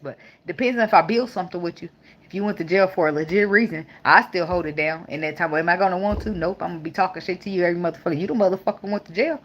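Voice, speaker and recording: A woman's voice: on the low side, racing, lo-fi sound, a little hiss or hum. A young woman giving a casual tarot reading, blunt, joking and full of swearing. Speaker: tarot reader.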